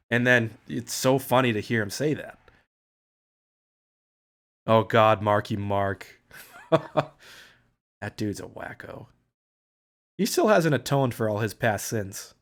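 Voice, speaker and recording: A man's voice: medium pitch, unhurried, pauses often, fairly bright tone. A man hosting a casual livestream chat, rambling, swearing freely and often restarting his sentences. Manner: rambling, profane, with frequent restarts. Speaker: livestream host.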